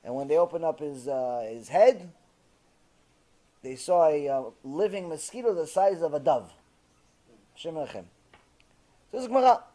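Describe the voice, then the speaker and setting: A man's voice: a little high, animated, normal speed, pauses often, dark tone. A man preaching as a rabbi, retelling a story with passion and frequent fillers. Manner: impassioned, many fillers. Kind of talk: sermon storytelling.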